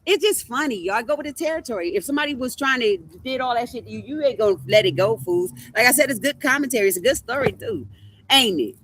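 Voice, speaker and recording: Brash, bright-voiced woman reading tarot. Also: fairly high pitch, very animated, fast. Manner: brash, profane, boastful, repeats herself. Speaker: tarot reader and streamer. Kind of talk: casual livestream tarot commentary.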